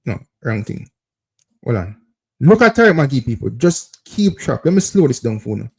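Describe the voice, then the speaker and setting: A man's voice: medium pitch, very animated, normal speed, vocal fry, husky. A man with a Jamaican accent hosting a football call-in show, insistently breaking down plays over footage and calling out to viewers. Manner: repetitive, insistent, keeps addressing viewers as people.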